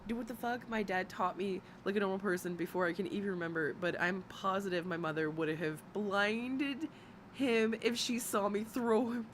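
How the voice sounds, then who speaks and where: Woman, reaction host, casual commentary, swears, excitable, faint background noise. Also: normal speed. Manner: swearing, laughing, pitch jumping high when excited.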